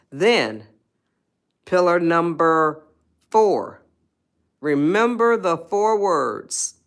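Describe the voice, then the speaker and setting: Woman coaxing her live-stream viewers. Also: on the low side. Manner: coaxing, repetitive, speaks straight to chat viewers. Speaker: host of a self-help live stream. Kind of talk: live-stream motivational talk.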